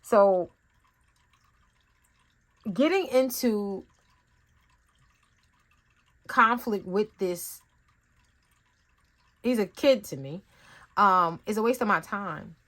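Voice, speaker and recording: A woman talking casually as a tarot reader, rambling and conversational with lots of fillers, telling stories in an animated way. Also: medium pitch, very slow, long pauses. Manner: animated storytelling with acted-out asides. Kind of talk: casual spiritual reading talk.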